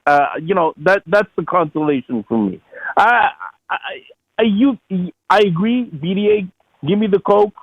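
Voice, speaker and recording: A man's voice: high-pitched, animated, measured pace, no echo, highs cut off. A man calling into a podcast, rambling, swearing freely and stammering on repeated words. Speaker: caller. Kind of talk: casual call-in chat.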